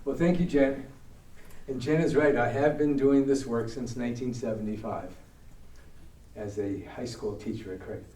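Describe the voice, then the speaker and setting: An older man with a New York accent tells stories to a group and acts out the other people's voices. His voice is mellow and dark. It sounds echoey and a little far from the mic, as if recorded in a church hall. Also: mid-range voice, fairly even intonation, normal speed. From Brooklyn, New York. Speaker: guest speaker. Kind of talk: storytelling talk.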